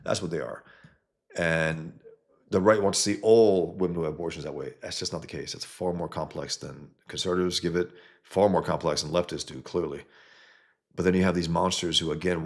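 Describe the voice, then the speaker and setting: Man, livestream host, very low voice, gravelly fry, blunt, rambling casual chat. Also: fairly even intonation, moderate pace. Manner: blunt, rambling, often trails off mid-sentence.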